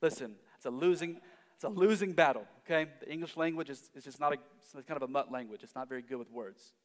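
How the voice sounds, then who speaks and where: A man preaching a sermon. He swells to loud emphasis and then drops almost to a hush. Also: a little high, fast talker, in a large hall. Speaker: pastor.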